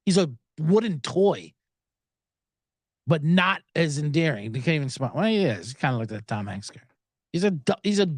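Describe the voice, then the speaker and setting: Animated, sarcastic podcast host man. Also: medium pitch, dry recording, studio quality. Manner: animated, sarcastic, swears a lot. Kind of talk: profane sports betting rant.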